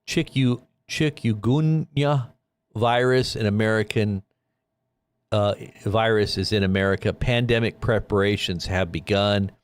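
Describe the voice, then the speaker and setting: A man hosting a casual livestream, reading news headlines and thinking out loud in a rambling way. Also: lowish voice, fairly even intonation, normal speed, clean tone.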